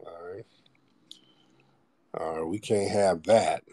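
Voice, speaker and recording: A man's voice: deep voice, steady tone, slow, mellow, husky, no echo. A man hosting a call-in show, speaking in a blunt, profane and preachy manner in a casual monologue.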